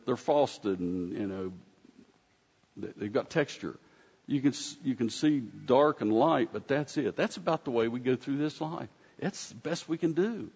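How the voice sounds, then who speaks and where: A man's voice: mid-range voice, gravelly, mellow, breathy edge. A man preaching a conversational sermon in a folksy, rambling way, often restarting his sentences. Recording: dull sound with long hall reverb.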